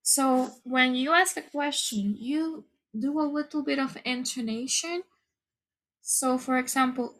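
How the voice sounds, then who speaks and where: A high-voiced woman explains an English grammar lesson. She speaks slowly and patiently, repeating each key point so learners can follow. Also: a bit bright. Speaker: English teacher. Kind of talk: slow, careful lesson explanation.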